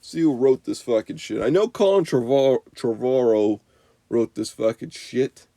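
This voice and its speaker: A man's voice: medium pitch, moderate pace, warm tone, dry recording. A young man giving an unscripted, profane movie review rant, rambling with constant "you know" and "like".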